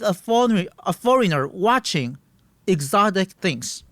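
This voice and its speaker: A man's voice: a little high, animated, a little slow, clear, resonant tone, dry recording. Earnest man in his thirties. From Taiwan. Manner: earnest, emphatic, searching for words. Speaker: guest. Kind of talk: interview answers.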